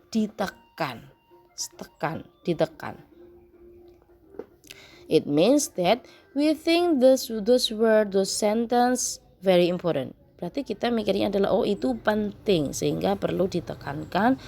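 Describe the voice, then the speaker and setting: A woman teacher with an Indonesian accent giving a lecture, slow and halting, repeating each point in two languages. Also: medium pitch, a little mellow. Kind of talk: classroom lecture.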